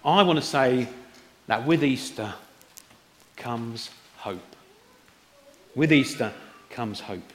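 In a church hall with a roomy echo, a man preaches an Easter sermon in a mid-range, animated voice. He speaks slowly and pauses often, talking conversationally and putting questions to the congregation.

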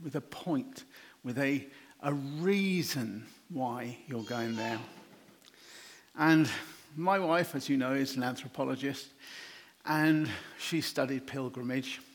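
A man preaching an informal, chatty sermon, animated and quick to laugh. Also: on the high side.

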